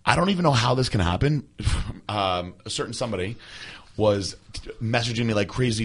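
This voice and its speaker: A man co-hosting a podcast, telling a story in loose, profane banter and often trailing off quietly. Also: on the low side, animated, fairly quick, breathy edge. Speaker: podcast co-host.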